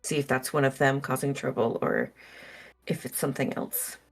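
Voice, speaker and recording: A woman playing a tabletop role-playing game, describing her character's actions slowly and thoughtfully. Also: rumbling low, very animated, vocal fry. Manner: slow, thoughtful, hesitant. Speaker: player. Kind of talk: role-play narration.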